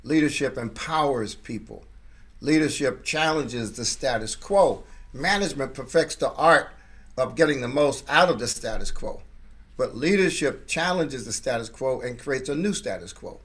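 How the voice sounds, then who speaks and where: A man, a senior pastor, answering interview questions in a measured way that builds through repetition. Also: medium pitch, animated, fairly bright tone, breathy edge. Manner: measured, repetitive rhetorical emphasis. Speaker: pastor, guest.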